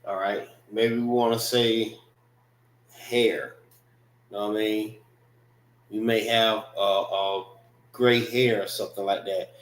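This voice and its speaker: A man's voice: fairly low pitch, little pitch movement, slow, long pauses. A man teaching a language class, drilling pronunciation syllable by syllable in a loose, conversational way. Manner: loose, conversational phrasing with frequent "know what I mean". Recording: roomy echo.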